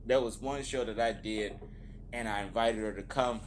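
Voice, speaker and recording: A man from the United States hosting casual chat, telling stories in a relaxed way and laughing often. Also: lowish voice, normal speed, a little hiss or hum. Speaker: host.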